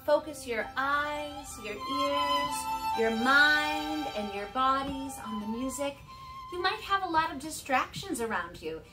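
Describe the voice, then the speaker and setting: A middle-aged woman teaching an online music lesson to young children, encouraging and clear. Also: high-pitched, expressive. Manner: bright, encouraging, speaks slowly and clearly to kids.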